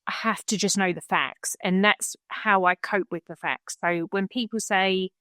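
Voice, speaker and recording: A woman's voice: mid-range voice, fairly even intonation, normal speed, fairly bright tone, dry recording, studio quality. A woman speaking as a podcast guest in a frank, blunt, matter-of-fact way. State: widowed, remarried. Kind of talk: frank conversational podcast talk.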